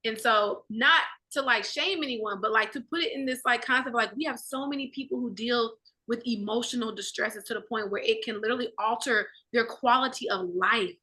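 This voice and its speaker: Bright, animated woman talking faith. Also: on the high side, fairly quick. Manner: animated, preachy, acts out inner dialogue. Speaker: Bible study participant. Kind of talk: casual faith discussion.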